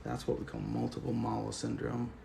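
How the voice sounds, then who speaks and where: A man's voice: mid-range voice, monotone, a little fast, vocal fry, background noise. A man hosting a casual livestream, chatting loosely and joking while reading comments. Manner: laid-back, joking, chatty. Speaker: livestream host.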